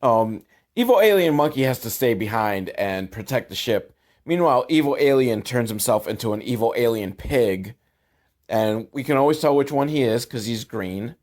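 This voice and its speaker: A male podcast host recaps a film with tired sarcasm, drifting from one gripe to another and clearly fed up with what he's watching. His pitch is typical for a man, and he's animated, moderately paced, and a little mellow.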